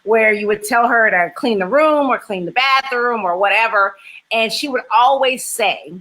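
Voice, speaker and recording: Bright, earnest woman host. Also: fairly high pitch, moderate pace, low-quality recording. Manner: earnest and reflective. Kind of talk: casual interview chat.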